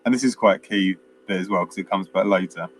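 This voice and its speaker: A man's voice: low-pitched, brisk, a little hiss or hum. A man, chatting casually as a podcast co-host and retelling film scenes at length with many fillers. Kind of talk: casual film review chat.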